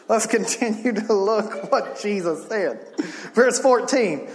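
High-voiced preacher, echoing hall. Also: male voice, lively intonation, unhurried. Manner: conversational and joking, building to shouted emphasis. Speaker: pastor. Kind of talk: sermon.

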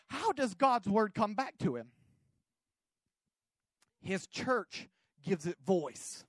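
High-voiced shouting preacher man. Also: sing-song, slow, pauses often, no echo. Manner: exuberant preaching that swings from quiet storytelling to shouting. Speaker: pastor. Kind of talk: sermon.

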